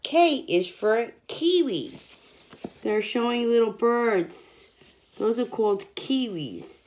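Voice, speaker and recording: A young woman teaching children, reading an alphabet picture book aloud and sounding out each letter. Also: fairly high pitch. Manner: slow, sounding out letters, lively sing-song.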